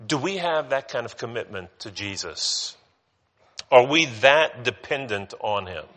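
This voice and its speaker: Bright-voiced preacher in a reverberant hall. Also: male voice, mid-range voice, very animated, measured pace. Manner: conversational preaching, acts out voices of people in scripture. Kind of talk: sermon.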